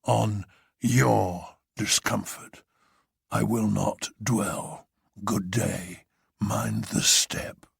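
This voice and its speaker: A man's voice: on the low side, steady tone, extremely slow, gravelly, breathy edge, no echo, clean studio sound, voice pushed down, full character voice. A man voicing a huge, commanding older man who presides over an anarchist council, drawling with grand mockery.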